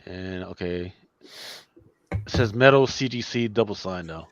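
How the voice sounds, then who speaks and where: A man hosts a loose, casual livestream chat in a rather low voice, rambling and trailing off. The sound is dry and dull, like a lo-fi mic. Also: measured pace, no room sound. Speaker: host.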